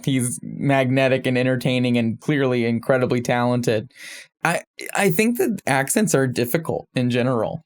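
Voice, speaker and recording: A man co-hosting a film podcast, chatting casually with animated, self-deprecating asides. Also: mid-range voice, normal speed. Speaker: podcast co-host.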